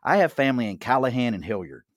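A middle-aged man with a Mid-Atlantic accent hosts a loose, joking chat at a bar, laughing easily between his stories. His voice sits at an ordinary pitch and sounds dry and close, with little room around it. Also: very animated, fast, no room sound. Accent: Mid-Atlantic American. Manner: jokey, chatty, laughs often. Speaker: host.

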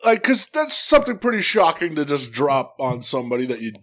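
A young man casually telling a story, animated and swearing freely. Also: a little high, a little fast. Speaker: guest.

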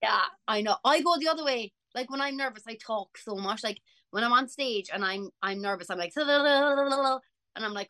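A young Irish woman, a singer, chatting casually and telling lively stories as an interview guest. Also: on the high side, a little fast, no room sound. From Ireland. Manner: chatty, animated storyteller. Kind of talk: casual chat.

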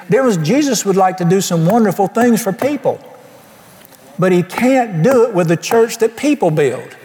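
A man preaching a sermon, folksy and emphatic, firing rhetorical questions and dropping to a low hush. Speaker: pastor. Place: church sanctuary. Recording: long hall reverb.

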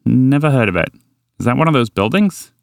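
A man voicing a small, eager male park dweller who is bold, excitable and bewildered. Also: medium pitch, brisk, vocal fry, smooth, no echo, studio quality, pitched above the performer's own voice. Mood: puzzled.

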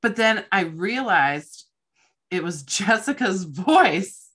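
A young woman hosting a casual chat podcast, telling stories in a rambling, excitable way with casual swearing. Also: mid-range voice, slow, husky. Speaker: podcast host.

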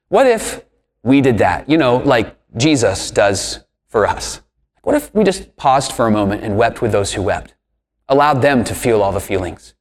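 A man's voice: mid-range voice, in a large hall. A man preaching a sermon with emphatic delivery, asking rhetorical questions and swinging his voice up and down. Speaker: pastor.

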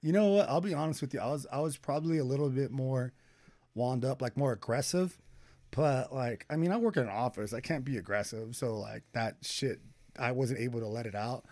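A young man co-hosting a casual podcast chat, animated and swearing freely, laughing often. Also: mid-range voice, brisk. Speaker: podcast co-host.

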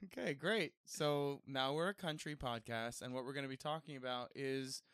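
A man's voice: mid-range voice, moderate pace, a bit bright, clean tone, dry recording, clean studio sound. A young man co-hosting a casual comedy podcast, laughing often and teasing his friends. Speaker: podcast co-host. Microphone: close studio mic.

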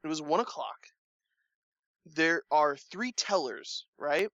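A man chatting casually, telling a long story with animated delivery and acting out the people he quotes. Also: slow, dry recording, muffled recording. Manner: animated storytelling, acts out quoted lines with rising pitch. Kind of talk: casual chat.

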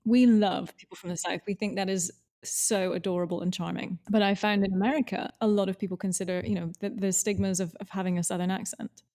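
A woman's voice: medium pitch, steady tone, fast, mellow. A British woman hosting an interview, chatting in a talkative, reflective way. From Britain. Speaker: radio host. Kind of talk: casual interview chat.

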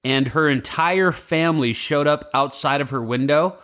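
A man's voice: a little high, normal speed, a bit bright. A man co-hosting a casual podcast, reading out feel-good news stories in an upbeat way and laughing easily. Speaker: podcast co-host. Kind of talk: casual chat.

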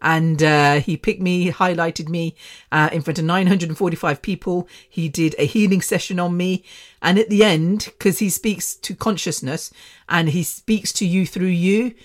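A woman's voice: fairly low pitch, fairly even intonation, normal speed. A woman hosting her own podcast, chatting casually and rambling from topic to topic with frequent laughs. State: using an oxygen machine. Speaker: podcast host. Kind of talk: casual solo podcast chat.

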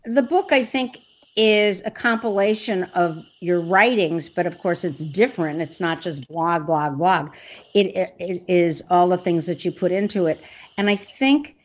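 Woman interviewer, lowish voice, lots of affirming, muffled lo-fi audio. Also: a little slow. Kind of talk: conversational interview. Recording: dull lo-fi audio.

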